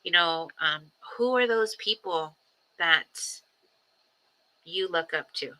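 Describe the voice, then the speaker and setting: A grandmother in her own livestream, talking slowly and thoughtfully and circling back to repeat her words. Her voice is a bit low for a woman but very bright and clear-edged, with lots of pauses and ums between thoughts. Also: low-quality recording. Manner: reflective, repetitive, many ums and pauses. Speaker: livestream host. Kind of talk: personal livestream talk. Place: home livestream.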